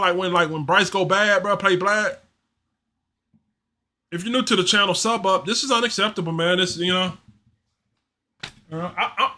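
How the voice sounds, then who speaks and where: A man's voice: sits high, moderate pace, long pauses, bright, forceful tone. A man hosting a fan livestream, giving casual play-by-play and frustrated, slangy reaction that repeats itself. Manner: frustrated, repetitive, slangy, ranting. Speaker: livestream host doing play-by-play.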